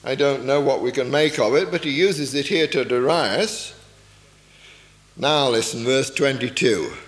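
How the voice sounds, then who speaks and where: With a medium-pitched voice and a measured pace, a man delivers a sermon that earnestly unpacks a Bible passage. Rhetorical questions come up often, and the recording carries the long reverb of an echoey hall.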